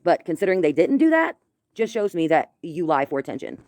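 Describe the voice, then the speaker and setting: A woman's voice: sits low, sing-song, fairly quick, darkish tone, dry recording. Scolding woman ranting with a lisp. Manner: confrontational, scolding. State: slight lisp from a bitten tongue. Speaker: commentary YouTuber. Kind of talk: ranting commentary.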